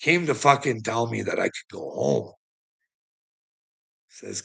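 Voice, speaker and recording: Gravelly, husky man, swearing. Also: fairly low pitch, very animated, slow pace, pauses often, bright, forceful tone, poor audio. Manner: profane, laughs often while telling. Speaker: storyteller addressing a relative. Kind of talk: rambling personal storytelling.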